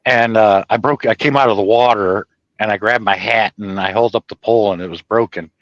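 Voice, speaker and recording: A man telling a personal story in a rambling, profane, animated way, laughing at his own tale. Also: on the low side, brisk, no echo, dull audio.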